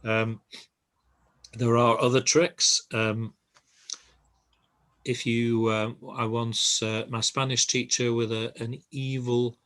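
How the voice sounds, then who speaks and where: An older man giving a relaxed, reassuring language lesson, pausing often with ums and uhs. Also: medium pitch. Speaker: Spanish teacher.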